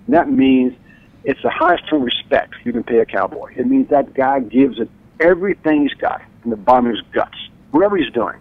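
A man talking as an author and radio guest, telling stories with enthusiasm and acting out quotes with big jumps in pitch. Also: expressive, a little fast, dry recording. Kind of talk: animated radio interview storytelling. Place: radio studio or phone line. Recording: dry tinny phone-line sound.

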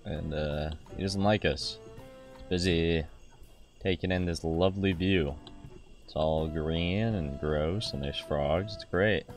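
Hosting a gameplay video over soft background music, a young man with a deep voice speaks slowly. He rambles and jokes as he plays, tossing in asides where he acts out mock dialogue.

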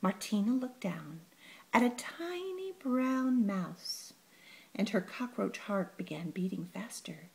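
A woman reading a children's picture book aloud, slow and playful. Her voice rises and falls widely, with a gravelly, husky texture. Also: medium pitch. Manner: expressive, playful. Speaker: storyteller. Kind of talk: children's story read-aloud.

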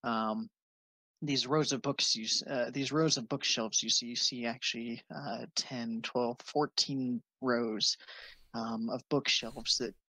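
A game master describing scenes in a tabletop game, halting often with fillers. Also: mid-range voice, fairly even intonation, bright, forceful tone, dry recording, rough recording.

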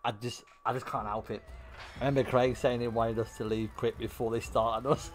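Over music, a young streamer talks fairly quickly at medium pitch, telling wild stories during his game. He's animated and profane, with bursts of loud laughter.

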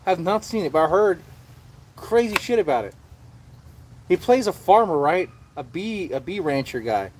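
A man's voice: high-pitched, very animated, normal speed, husky. Rambling, profane male streamer. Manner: rambling and profane, with frequent restarts. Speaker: livestream host. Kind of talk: casual rambling livestream chat.

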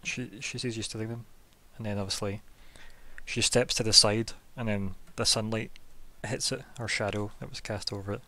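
A man's voice: fairly low pitch, fairly even intonation, moderate pace, bright, forceful tone, no echo. A man narrating as game master of a tabletop game in a casual way, with many fillers.

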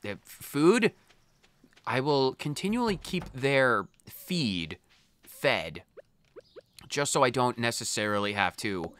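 A man's voice: mid-range voice, slight background noise. A man hosting a let's play, gushing and exclaiming over a farming game as he reads out its menus. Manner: gushing, excitable, repeatedly exclaiming. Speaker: gaming channel host. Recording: faint game music behind.

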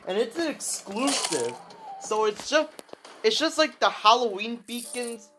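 A young woman giving excited commentary over her gameplay, full of exclamations, repeats and restarts. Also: on the high side, unhurried, background noise. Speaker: gaming video creator.

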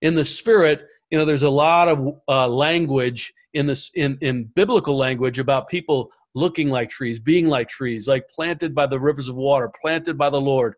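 A man on a panel telling his spiritual testimony in an animated way, often repeating words as he goes. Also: mid-range voice, moderate pace, hardly any pauses. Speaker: panel guest. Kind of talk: storytelling testimony.

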